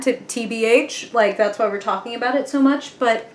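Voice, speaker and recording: A woman's voice: fairly high pitch, moderate pace. A woman giving a casual spoken tarot reading, chatty and earnest, with the odd casual swear word. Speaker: tarot reader. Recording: echoey room.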